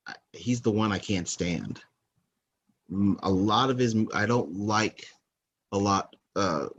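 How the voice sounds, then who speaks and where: A man's voice: low voice, muffled recording, a little hiss or hum. A man hosting a movie countdown podcast, talking casually in a rambling, opinionated way that often corrects itself. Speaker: podcast host.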